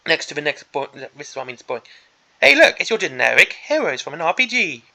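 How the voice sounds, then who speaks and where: A man with a gravelly, crackly edge to his voice that sits a little high for a man. He has a bright, sharp tone. He rants through a preview in an exasperated, sarcastic way. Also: big pitch swings, quick pace. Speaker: miniatures hobby channel host. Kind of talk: ranting preview commentary.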